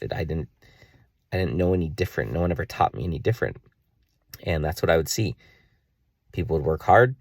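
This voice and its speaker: A man in his thirties vents into the camera in a frustrated video diary, rambling and scolding himself. His voice sits fairly low, and the sound is dry and close with almost no room echo. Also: darkish tone. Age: 30s. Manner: self-scolding, exasperated, swears, rambling. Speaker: vlogger.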